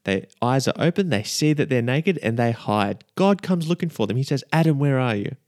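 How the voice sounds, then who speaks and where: A man's voice: medium pitch, sing-song, moderate pace, darkish tone, dry recording, clean studio sound. A man hosting a casual devotional podcast, chatty and repeating his key lines as he checks in with listeners. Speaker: podcast host.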